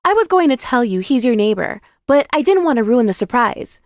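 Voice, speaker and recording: A woman voicing an excited young female friend who gushes in a high, eager voice. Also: brisk, no room sound, clean studio sound.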